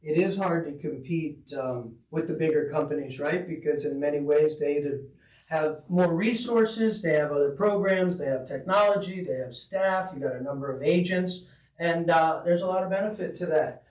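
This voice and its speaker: Veteran broker guest, fairly high-voiced man, relaxed and chatty, roomy sound with the mic set back. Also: normal speed, far from the mic. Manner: easygoing, filler-heavy. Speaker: real estate broker guest. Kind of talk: casual podcast conversation. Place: podcast studio.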